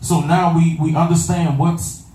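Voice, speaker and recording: A man's voice: on the high side, level tone, a little slow, dark tone. A man preaching a sermon, repeating phrases and asking the congregation if they follow him. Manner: call-and-response, repeats phrases, asks "you understand that?". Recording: echoey room from far off with faint ambience.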